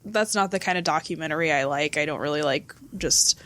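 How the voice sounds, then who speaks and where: Female co-host, blunt, casual, quick to laugh. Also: low voice, fairly bright tone. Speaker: podcast co-host. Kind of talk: casual chat.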